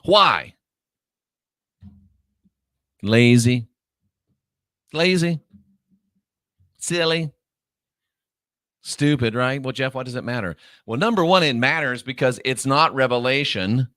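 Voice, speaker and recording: A man hosting his own online show, delivering a scornful, lecturing monologue and stretching key words out slowly for emphasis. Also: mid-range voice, lively intonation, fairly bright tone, no echo, studio quality.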